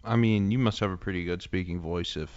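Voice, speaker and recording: A man's voice: deep voice, fairly quick, darkish tone. A man co-hosting a podcast, giving laid-back, brief replies in casual chat. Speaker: co-host. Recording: dull, slightly lo-fi sound.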